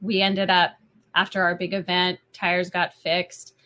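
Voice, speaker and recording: A woman's voice: lowish voice, monotone, measured pace, sharp tone. A middle-aged woman co-hosting a casual faith talk, telling an emotional story in a chatty way.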